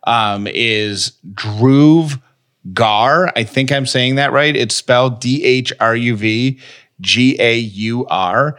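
A man's voice: mid-range voice, slow, fairly bright tone. A man co-hosting a podcast, chatting casually and reading an ad in an upbeat, conversational way. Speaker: podcast co-host. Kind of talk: casual chat and read ad.

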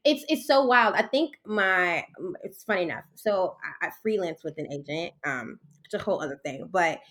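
A woman performer guesting on a podcast, telling a story in a lively, animated way. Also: lowish voice, moderate pace. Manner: animated storyteller, imitates others. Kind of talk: casual chat.

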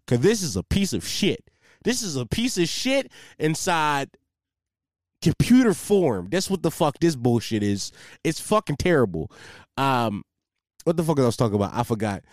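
A man's voice: a little high, moderate pace, dry recording, studio quality. A young man hosting a casual solo podcast, talking in a profane, rambling way and losing his train of thought. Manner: profane, rambling, loses track, animated storyteller. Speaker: podcast host.

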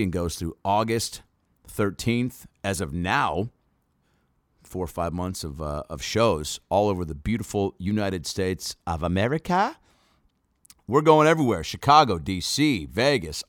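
A man's voice: on the low side, fairly bright tone, no room sound, clean studio sound. A male comedian hosting his podcast in a loose, joking way, swearing freely. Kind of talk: casual chat. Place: in Australia.

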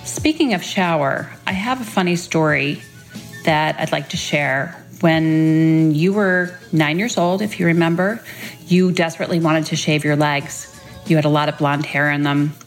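A woman's voice: low-pitched, normal speed, faint music behind. A middle-aged woman, a mother, reading a fond birthday tribute and telling a tender family story. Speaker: mother leaving a birthday message. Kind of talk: read-aloud birthday tribute.

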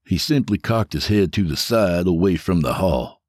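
A man reading a horror story aloud with measured, deliberate pacing. His voice is very deep, and the recording is close and completely dry. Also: expressive, a little mellow, breathy edge, dry recording. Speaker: narrator. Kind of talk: scripted horror narration.

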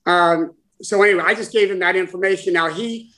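A man in his sixties, a guest, telling a personal story in conversation in a halting, heartfelt way with many restarts. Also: sits high, pushed and bright, low-quality recording. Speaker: guest, former caddie for his father.

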